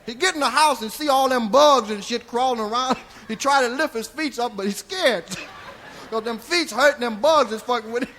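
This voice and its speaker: A comedian playing a crude, rambling old storyteller, telling a long tale with chuckling asides on a live comedy record. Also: male voice, very high-pitched, moderate pace, bright, forceful tone, slight background noise. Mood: drawling, rowdy. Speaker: stand-up comedian. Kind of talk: stand-up character monologue. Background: audience laughter.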